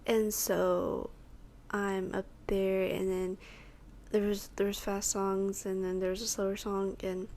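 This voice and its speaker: Slow and flat, this medium-pitched female voice has a slightly mellow quality over faint background noise. It belongs to a Texas teen podcast host giving a rambling personal testimony, performing both her own words and other people's.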